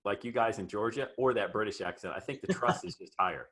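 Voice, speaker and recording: A man's voice: fairly low pitch, fast, a bit bright. A man hosting a podcast interview, talking with hyped, emphatic enthusiasm. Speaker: podcast host. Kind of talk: energetic interview chat.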